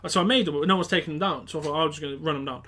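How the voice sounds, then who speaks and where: Bright-voiced young lad telling a story. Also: male voice, a little high, very fast. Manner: animated, acts out quotes, swears, laughs. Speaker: podcast co-host. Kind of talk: casual storytelling chat.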